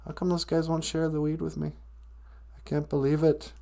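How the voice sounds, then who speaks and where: A man putting on a whiny teenage jock who complains indignantly. The voice is somewhat raised above the speaker's own, with a mellow tone. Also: fairly high pitch, monotone, moderate pace, gravelly, voice pushed up. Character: whiny teenage athlete boy, left out.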